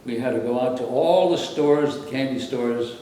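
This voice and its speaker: Once a radio announcer, this older man from Brooklyn, New York, reminisces in an interview, wandering conversationally from one work story to the next in a mellow, easygoing way. He speaks at a moderate pace in a mid-range voice, sitting well back from the microphone in a strongly echoing room with a soft hum underneath.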